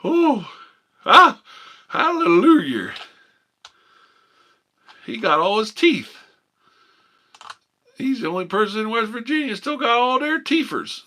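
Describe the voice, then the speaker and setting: A man putting on a rowdy, excitable backwoods country man with a put-on drawl, hollering and cackling. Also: extremely high pitch, slow, long pauses, pitched above the performer's own voice, exaggerated voice.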